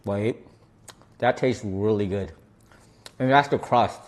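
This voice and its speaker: This streamer has a fairly low voice and takes his time, chatting casually between bites. His style is laid-back and slangy, with frequent repeated words.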